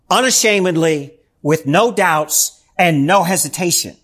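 A man's voice: high-pitched, fairly bright tone. A male pastor preaching a sermon in church, emphatic and asking the congregation rhetorical questions.

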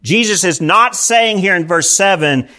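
A man's voice: high voice, animated, unhurried, bright, forceful tone. A man preaching a sermon, earnest and explanatory, often restarting his sentences. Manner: earnest preaching, frequent "I mean" fillers and restarts. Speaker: pastor.

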